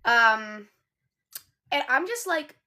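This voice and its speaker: A woman's voice: high voice, sing-song, very slow, sharp tone. A young woman live streaming from her sofa, animatedly and indignantly retelling a conversation in a casual storytelling style. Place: indoors on a sofa.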